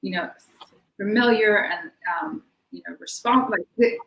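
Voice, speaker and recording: A woman's voice: medium pitch, a little slow, vocal fry, a bit bright. A woman guest in a casual interview, talking in a chatty way with many fillers and laughs. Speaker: interview guest, belly dancer. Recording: echoey room with faint noise.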